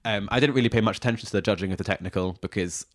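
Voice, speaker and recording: A man's voice: on the low side, rapid-fire, no room sound. A man co-hosting a podcast in casual chat, dry and teasing with cheeky asides. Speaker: podcast co-host.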